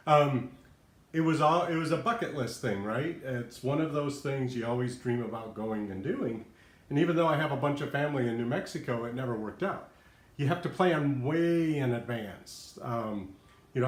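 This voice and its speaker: A man's voice: mid-range voice, animated, moderate pace. A man hosting a casual live stream from home, out of breath, chatty and laughing often as he rambles. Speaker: livestream host. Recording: echoey room.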